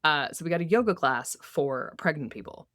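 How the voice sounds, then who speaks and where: A woman's voice: low voice, expressive, moderate pace, a bit bright, no echo, clean studio sound. A woman co-hosting a podcast, recapping a TV episode in casual chat, laughing often and acting out characters' lines. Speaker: podcast co-host.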